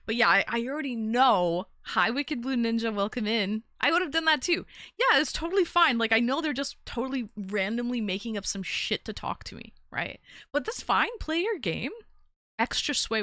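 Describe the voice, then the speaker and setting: A woman's voice: fairly high pitch, bright, forceful tone, no echo, studio quality. A woman hosting a casual call-in live stream, rambling through a story and greeting chat as she goes. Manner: chatty, rambling, reads chat aloud.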